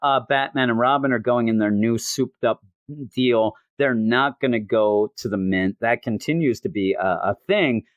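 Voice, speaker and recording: Male comic show host, casual recap, wry asides, mid-pitched voice, dry close sound. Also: normal speed, no echo, lo-fi sound.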